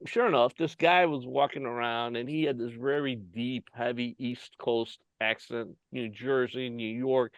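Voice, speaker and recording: A man with a Chicago accent hosting a casual interview, an animated storyteller who laughs often, over a video call. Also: mid-range voice, measured pace, hardly any pauses, no room sound. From Chicago, United States. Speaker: host. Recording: dull, dry lo-fi sound.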